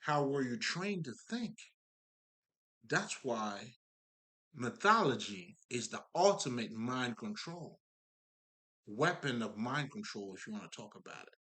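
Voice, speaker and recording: A man's voice: mid-range voice, very animated, measured pace, long pauses, sharp tone. Profane, emphatic man preaching casually. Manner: profane, emphatic, rambling with many fillers. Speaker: spiritual talker. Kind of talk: casual spiritual monologue.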